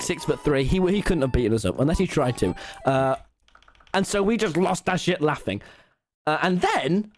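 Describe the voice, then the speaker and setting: A young man telling a story on a live stream, animated, swearing often and laughing. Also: on the high side.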